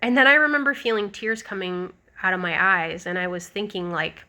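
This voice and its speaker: Young woman vlogger, bright, forward tone, casual rambling storyteller with lots of fillers. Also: medium pitch, normal speed. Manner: chatty, rambling, lots of likes and ums.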